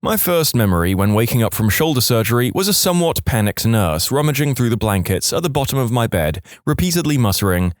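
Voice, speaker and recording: Lively man reading stories. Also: mid-range voice, fairly quick, few pauses, no room sound, clean studio sound. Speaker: story narrator. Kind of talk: reading submitted stories aloud.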